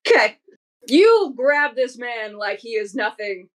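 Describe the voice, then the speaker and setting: Slow-paced woman game master. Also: a little high, big pitch swings, low-quality recording. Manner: vivid, unhurried storytelling. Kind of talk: narrating a tabletop game.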